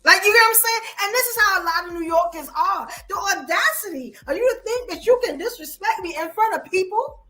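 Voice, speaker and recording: A woman's voice: extremely high pitch, a little fast, few pauses. A woman from Brooklyn with a New York accent, emphatically telling stories on a casual podcast. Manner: animated, emphatic storytelling. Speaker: podcast co-host.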